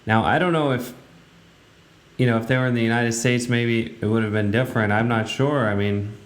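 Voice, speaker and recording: A man hosting a radio talk show gives casual, rambling commentary in a blunt way, full of fillers. His mid-range voice has fairly even intonation and a fairly quick pace, recorded in a roomy, echoey room.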